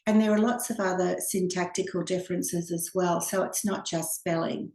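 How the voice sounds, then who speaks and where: A woman with an Australian accent, an author answering interview questions over a video call in a relaxed, friendly way. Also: lowish voice, normal speed, roomy sound.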